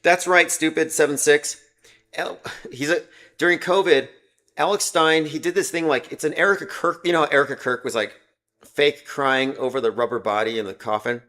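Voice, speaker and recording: A man's voice: medium pitch, normal speed, fairly bright tone. A man hosting a livestream, talking in a rambling, sarcastic way and reading viewer comments aloud between his points. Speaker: livestream host.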